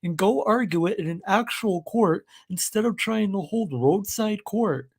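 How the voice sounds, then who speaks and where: A man's voice: high-pitched, a little slow, slightly rough. A man hosting a live reaction video, commenting in a sarcastic, exasperated way. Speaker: host.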